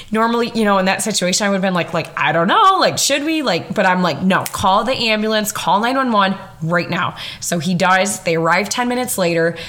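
A woman's voice: on the low side, a bit bright. A young woman hosting a podcast and telling a personal story in a chatty, emphatic way, laughing often and swearing casually. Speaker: podcast host.

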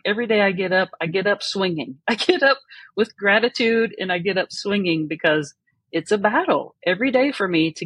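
A woman's voice: lowish voice, fairly bright tone, slightly rough, no room sound. A woman who is a guest on a podcast interview, telling her personal story in an earnest, reflective way. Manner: earnest and reflective, laughs often.

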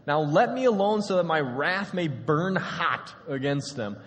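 A preacher acting out God as an exasperated, all-powerful male figure who talks in plain, casual words. The voice sits a little high. A long reverb trails behind it. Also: expressive, a little slow. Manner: plain-spoken, conversational.

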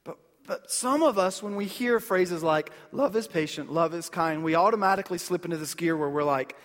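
A man's voice: sits high, fairly quick, few pauses, fairly bright tone, in a large hall. A man in his thirties preaching a sermon as a pastor, in a conversational style with stories and rhetorical questions to the congregation. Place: church sanctuary.

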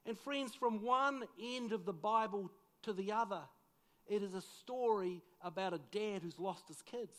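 A man's voice: very high-pitched, normal speed. A middle-aged man, preaching a sermon and telling a personal story, acting out the dialogue as he goes. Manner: animated, acts out dialogue in the story. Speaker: pastor.

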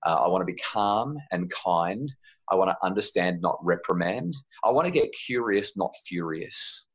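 A man speaking earnestly as a guest in an interview, acting out little quotes as he explains. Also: moderate pace. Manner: earnest, animated, acts out quotes with high pitch jumps. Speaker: parenting author, guest. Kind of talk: conversational interview. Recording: slightly dull lo-fi audio.

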